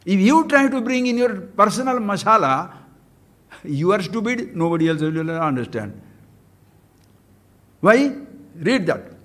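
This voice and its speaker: An older man giving a spiritual discourse, switching between explanation, acted-out dialogue and chanted Sanskrit verses. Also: sits high. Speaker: spiritual teacher.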